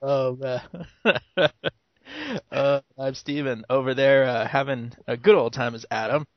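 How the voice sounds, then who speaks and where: A man in his thirties hosting a podcast in casual chat, laughing and retelling jokes with lively voices, on a dull lo-fi podcast recording. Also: mid-range voice, measured pace, no room sound. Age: 30s. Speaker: podcast host.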